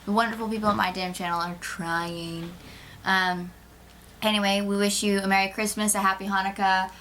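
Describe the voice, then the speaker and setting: Podcast host, female, bright giggly voice, runs the sign-off, light noise under the track. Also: medium pitch, level tone, normal speed. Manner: giggly, wraps up the show with lists of greetings. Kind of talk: casual chat.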